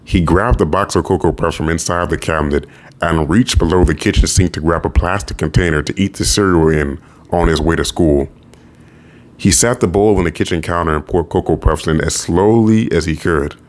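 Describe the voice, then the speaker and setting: A man narrating a novel audiobook in a steady storytelling voice. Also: low-pitched, moderate pace.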